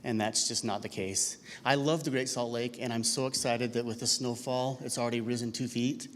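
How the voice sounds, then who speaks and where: A man giving a public comment at a council meeting in a relaxed, folksy storytelling manner. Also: medium pitch. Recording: long hall reverb with faint room ambience.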